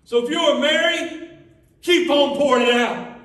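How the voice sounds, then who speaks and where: A man's voice: very high voice, measured pace, a bit bright. A man preaching a sermon with passion, rising into half-sung cadences. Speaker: pastor. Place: church sanctuary. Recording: echoey church from a distance.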